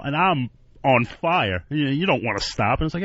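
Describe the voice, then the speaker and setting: A man's voice: medium pitch, animated, a bit bright, dull audio. A man co-hosting a radio talk show, chatty and laughing as he tells childhood stories. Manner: quick, chatty, laughs while telling stories. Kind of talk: comedic talk radio banter.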